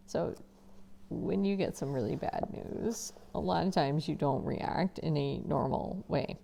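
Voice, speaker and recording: Expressive woman reading aloud, gravelly voice. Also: deep voice, unhurried. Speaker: teacher reading a novel aloud. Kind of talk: reading a novel aloud with asides.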